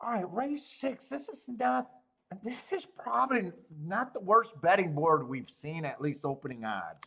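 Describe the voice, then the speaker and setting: A man hosting a horse racing betting livestream, chatting casually in an animated way, swearing, laughing and rambling with restarts. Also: high voice, a little slow, creaky, breathy edge.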